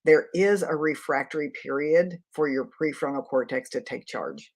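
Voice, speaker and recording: A woman's voice: low-pitched, normal speed. Earnest middle-aged woman coaching live. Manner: earnest, practical, conversational. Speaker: leadership coach. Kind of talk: live-streamed teaching talk.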